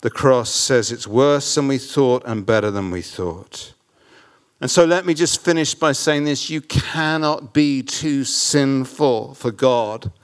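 A man preaching a sermon to a church congregation, mixing funny self-deprecating family stories with his message. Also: mid-range voice. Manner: humorous, self-deprecating storytelling. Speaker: pastor. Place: church hall with audience.

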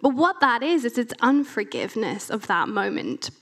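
A young woman with an Irish accent giving a conversational church talk, chatty and animated, with self-deprecating asides. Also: fairly high pitch, moderate pace. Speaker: preacher.

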